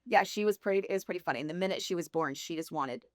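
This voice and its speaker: A woman's voice: on the low side, rapid-fire. A woman sharing her personal faith testimony as a podcast guest, telling it candidly and laughing often.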